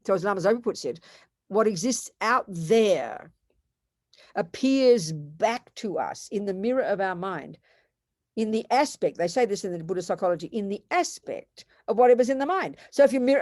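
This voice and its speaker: A woman's voice: mid-range voice, mellow, no echo, studio quality. An older woman giving an earnest, emphatic Buddhist teaching, repeating phrases for stress. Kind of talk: dharma talk.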